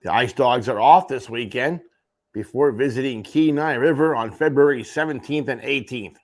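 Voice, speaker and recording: Speaking at medium pitch and a moderate pace, the male host of a morning sports show runs down junior hockey standings, slipping in wry, offhand asides as he goes in this sports radio rundown.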